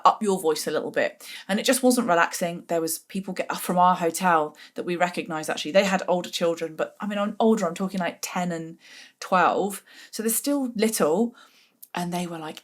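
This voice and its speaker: A woman's voice: fairly low pitch, fairly bright tone. A woman hosting a podcast, telling a story in a gossipy, chatty way and laughing often. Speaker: podcast host. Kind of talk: casual storytelling.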